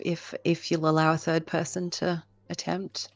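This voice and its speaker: A woman's voice: sits low, little pitch movement, moderate pace, gravelly, soft background music. A woman playing a tabletop game, hesitant and asking questions. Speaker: player. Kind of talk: casual tabletop play.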